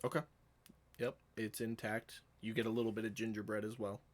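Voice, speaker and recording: A man running a tabletop game as dungeon master, relaxed and laughing often between his descriptions. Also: lowish voice, fairly quick.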